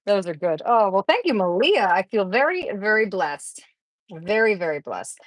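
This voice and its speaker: A woman's voice: medium pitch, big pitch swings, slow pace, pauses often, no echo, poor audio. Chatty woman gushing on a craft stream. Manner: chatty and rambling, gushing over craft mail. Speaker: craft channel host. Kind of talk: casual livestream chat with viewers.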